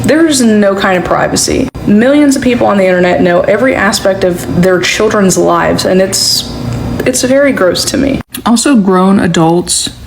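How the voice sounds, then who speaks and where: A woman speaking earnestly and disapprovingly in a played clip. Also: medium pitch. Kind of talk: clip of an opinion monologue. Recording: noisy clip.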